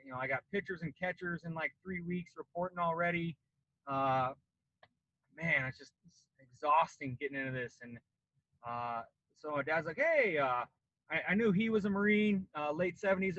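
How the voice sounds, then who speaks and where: A man's voice: fairly high pitch, no echo, dull audio. A man in his late thirties from Colorado, a former Marine, casually telling a long story on a podcast and acting out the voices of the people in it. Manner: animated, acts out quoted voices.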